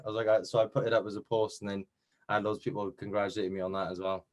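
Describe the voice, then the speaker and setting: A man's voice: lowish voice, fairly even intonation, racing, a little mellow. A young man with a Welsh accent, chatting modestly in an interview about winning a competition, with lots of fillers and restarts. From Wales. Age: young adult. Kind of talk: casual chat.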